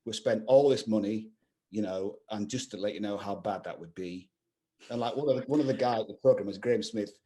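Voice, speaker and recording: Fast-talking man telling stories. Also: fairly low pitch, warm tone. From England. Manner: rambling storyteller, full of "you know" fillers. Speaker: guest, video game composer. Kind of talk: casual anecdotal chat.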